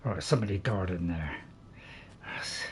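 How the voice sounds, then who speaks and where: This chatty British let's-play host rambles along, talking to his audience between bites and poking fun at himself. He speaks at a moderate pace in a fairly high, expressive voice with vocal fry, and a little hiss or hum sits in the recording.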